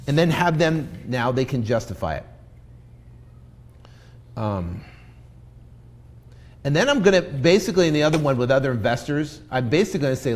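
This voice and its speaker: A man's voice: medium pitch, moderate pace, pauses often. A man teaching real estate investing in a live stream, acting out sales lines to a seller, with many fillers and restarts. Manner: energetic, role-plays sales scripts to a seller.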